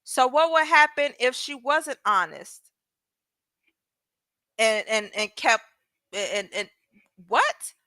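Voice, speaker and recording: A woman's voice: fairly high pitch, animated, slow, pauses often, sharp tone, no echo. A woman hosting legal commentary, reading a transcript aloud and breaking off to ask viewers pointed questions. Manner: talks straight to viewers, asking pointed questions.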